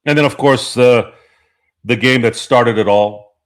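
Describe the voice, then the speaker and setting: In an unhurried, medium-pitched voice, this podcast host runs a relaxed sports talk stream. He reads the chat aloud, cursing, rambling and breaking into frequent laughter.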